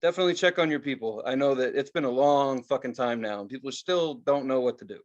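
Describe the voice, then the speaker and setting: Speaking fast at a medium pitch, this young podcast co-host comes through with lo-fi sound. His stories are profane and lively, with quotes he voices himself in casual conversation.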